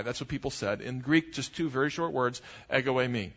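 A man preaching a sermon, rising for emphasis and dropping low and slow on key points. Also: bright, forceful tone, long reverb tail, muffled recording. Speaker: pastor.

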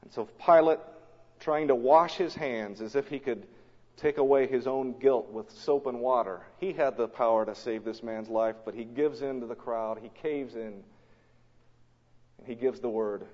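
A man preaching a sermon in a dramatic storytelling manner, swinging between loud and hushed, recorded in a church or large hall. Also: medium pitch, normal speed. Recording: long hall reverb, dull lo-fi sound.

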